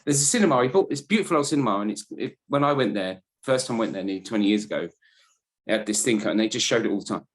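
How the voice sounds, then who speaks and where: A man's voice: on the low side, animated, racing. A man in casual podcast chat, telling rambling, self-deprecating stories as a panelist.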